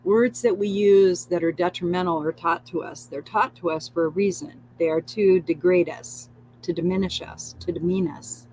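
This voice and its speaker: A woman leads her live spiritual session in a calm, coaxing voice, repeating soft affirmations in a steady chant. She drops casual curses into the guidance. A faint hum sits under the recording. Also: lowish voice, moderate pace, rough recording. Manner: soothing, repetitive affirmations with swearing and laughter. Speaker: spiritual livestream host.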